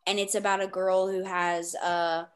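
A woman hosting a book podcast, chatting in an excitable, gushing way and rambling with many fillers. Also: fairly low pitch, measured pace. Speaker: podcast host. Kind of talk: casual podcast chat.

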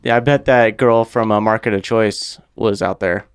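Smooth-voiced wisecracking man. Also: lowish voice, fairly even intonation, moderate pace. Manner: joking, crude, chimes in with wisecracks. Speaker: podcast co-host. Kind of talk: casual chat.

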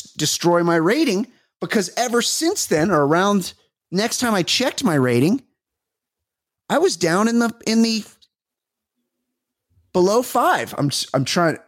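A man's voice: sits high, very animated, a little slow, long pauses, no echo, clean studio sound. A man co-hosting a comedy podcast, telling rambling, profane stories full of restarts in casual chat. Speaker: podcast co-host.

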